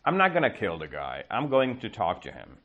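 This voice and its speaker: A man teaching English, telling a story slowly to a class and checking their understanding with quick questions. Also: fairly low pitch, wildly swooping pitch, narrow, tinny audio. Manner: slow, exaggerated storytelling with comprehension checks. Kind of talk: storytelling lesson with questions to learners.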